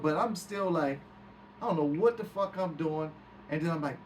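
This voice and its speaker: This guest's voice sits fairly high and sounds a bit bright as he recounts his tale at a moderate, animated pace. He performs the quoted speech and curses without restraint, captured on a far-off mic with hiss behind him.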